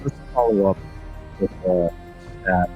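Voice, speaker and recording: A man as a player in a tabletop game, speaking slowly and hesitantly in a low-key way. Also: dull audio, soft background music. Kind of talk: casual tabletop role-play.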